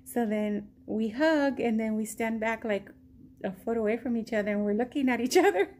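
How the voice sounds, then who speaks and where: Brief: woman from Texas, slightly high voice, slow rambling story time. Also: a little mellow, slight background noise. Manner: slow, rambling storytelling full of ums, acting out quotes. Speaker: vlogger.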